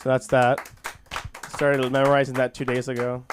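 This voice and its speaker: A man's voice: mid-range voice, monotone, a little hiss or hum. Rambling man at an open mic. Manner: rambling, halting, with frequent restarts; self-deprecating and goofy. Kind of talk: stand-up comedy and recited monologue at an open mic. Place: small comedy school stage. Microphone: handheld stage mic.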